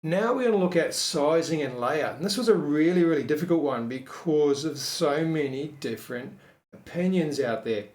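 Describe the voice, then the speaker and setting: A man casually walking through a screen-share design tutorial, thinking aloud with frequent ums and quick self-corrections. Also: fairly high pitch, expressive, darkish tone. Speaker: web designer teaching a tutorial. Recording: echoey room.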